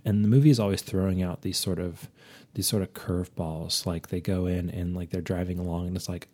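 A man reviewing a movie in a comic, rambling monologue, holding a low, put-on sultry persona voice with many fillers. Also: fairly even intonation, fairly quick, darkish tone. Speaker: podcast film reviewer.

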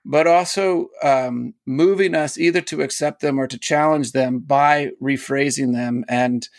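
A man's voice: mid-range voice, fairly even intonation, unhurried, no echo. A man, a poet and teacher, talks as a guest in an interview and explains ideas eagerly, laughing often. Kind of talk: casual interview talk.

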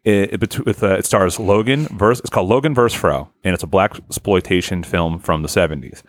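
A man's voice: sits low, a little fast, no echo, clean studio sound. A young man hosting a comedy podcast, telling a rambling improvised story in a casual, joking way. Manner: rambling, lively, with frequent filler and restarts. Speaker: podcast host.

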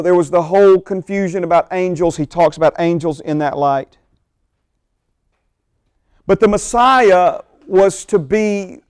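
Male pastor, high clear voice, emphatic sermon teaching, dry close sound. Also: darkish tone, no echo. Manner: emphatic, slows down to stress key phrases; asides to the congregation in a quick low voice.

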